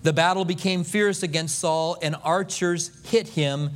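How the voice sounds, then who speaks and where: A man's voice: fairly high pitch, fairly even intonation, measured pace. A male pastor preaching a sermon, telling a scripture story with humor and acting out the voices of the people in it.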